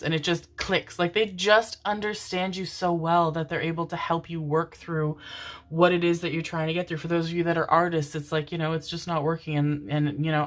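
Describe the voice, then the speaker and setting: Low-voiced woman giving a rambling tarot reading. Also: steady tone, brisk. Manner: rambling, affectionate, swears casually, many fillers. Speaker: tarot reader. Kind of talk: casual intuitive reading monologue.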